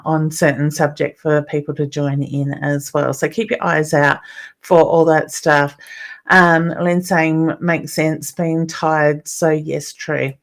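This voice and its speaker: A woman with an Australian accent hosting a live stream as a psychic medium, reading out viewer comments and greeting people by name in a chatty, affectionate way. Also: on the low side.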